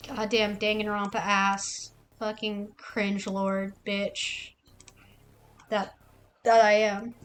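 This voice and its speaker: A woman streamer ranting casually and with plenty of swearing, acting out other people's lines in quick mock voices. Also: medium pitch, level tone, soft background music.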